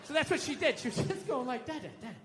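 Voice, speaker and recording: Profane American stand-up comic ranting. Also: male voice, very high-pitched, expressive, quick pace, a little hiss or hum. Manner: loud ranting, profane, mock outbursts. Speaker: stand-up comedian. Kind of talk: stand-up comedy. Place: comedy stage. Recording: live venue with long reverb.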